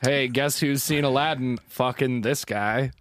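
Slangy, excitable young male co-host. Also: mid-range voice, unhurried, no room sound. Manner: slangy, excitable, swears a lot. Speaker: podcast co-host. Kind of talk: casual chat.

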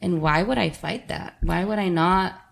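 A woman in her thirties speaks with a low, gravelly voice. She is a single mother in a relaxed podcast conversation, and she talks openly and emotionally, working her thoughts out as she goes. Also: normal speed. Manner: candid, emotional, talks things out. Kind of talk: casual podcast chat.

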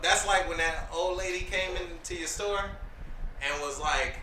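A man in casual chat, telling stories in an animated, profane way and laughing often. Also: fairly high pitch, normal speed, distant mic, a little hiss or hum. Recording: roomy, from off-mic.

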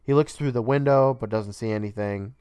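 A man's voice: medium pitch, fairly quick, mellow, clean tone, no room sound, studio quality. A man co-hosting a podcast, recapping a show casually, swearing freely and laughing often. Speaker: podcast co-host.

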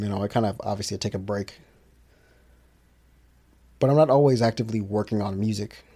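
A man's voice: on the low side, warm tone. A man who makes his own music talks to listeners in a casual solo monologue. He rambles, restarts his sentences and fills gaps with fillers. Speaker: independent musician hosting his own podcast.

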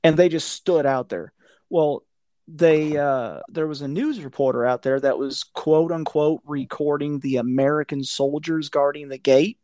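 A man's voice: on the high side, measured pace, mellow, dry recording, studio quality. A man in casual conversation, blunt and profane, ranting with a conspiratorial tone. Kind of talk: casual chat.

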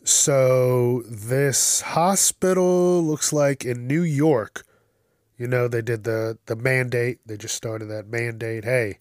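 A man riffs on odd news stories in a crude, swearing, ranting style. He speaks at an ordinary middle pitch, close to the mic with no room sound. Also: slow pace, darkish tone, dry recording. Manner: crude, blunt, swears constantly, rants with outbursts. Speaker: host of a news commentary show. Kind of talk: profane casual news commentary.

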